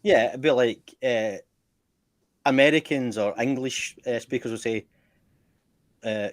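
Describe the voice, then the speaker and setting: A man's voice: medium pitch, a little slow, long pauses, no echo. A man with a Scottish accent, a guest chatting casually and bluntly, laughing easily. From Scotland. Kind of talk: casual chat.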